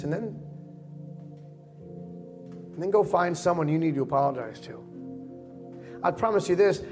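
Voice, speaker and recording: A man preaching as a pastor, leading his congregation in a quiet prayer of confession and speaking the confessions for them. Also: a little high, expressive, moderate pace, pauses often, music in the background. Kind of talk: sermon and altar-call prayer.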